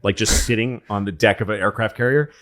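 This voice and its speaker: Podcast co-host, male, lowish voice, loose rambling comic storyteller. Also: fairly even intonation, fast, a bit bright. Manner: rambling storyteller, acts out quoted voices, swears. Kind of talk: casual comedic chat.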